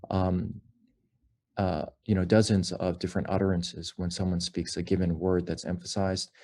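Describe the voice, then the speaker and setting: A man presenting research findings in a measured academic lecture, explaining slides with frequent pauses and fillers. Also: low voice, gravelly, mellow.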